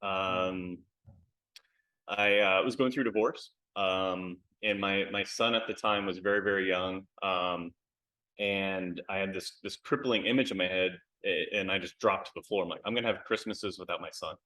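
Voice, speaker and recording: American guy, lowish bright voice, chatty and candid, lots of ums, video call interview. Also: fairly even intonation, a little slow, rough recording. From United States. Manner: candid, lots of fillers and repeated words. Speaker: author, interview guest. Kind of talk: casual interview chat.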